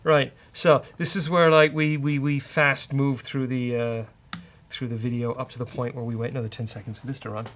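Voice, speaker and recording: A man's voice: mid-range voice, flat delivery, moderate pace, a bit bright, a little hiss or hum. A man hosting a casual live-coding show, joking and mocking himself as he works through code. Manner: joking and self-mocking, thinks aloud. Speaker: developer show host.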